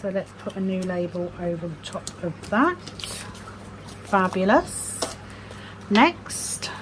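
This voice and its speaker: A woman vlogging in casual chat while sorting craft supplies at home, self-deprecating, slowly murmuring numbers to herself. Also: medium pitch, sing-song. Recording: noisy background hiss.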